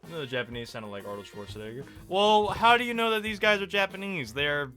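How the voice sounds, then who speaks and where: A man's voice: fairly high pitch, big pitch swings, quick pace, sharp tone, faint music behind. A man streaming a game, chatting casually with sarcastic, joking asides. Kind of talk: casual let's-play commentary.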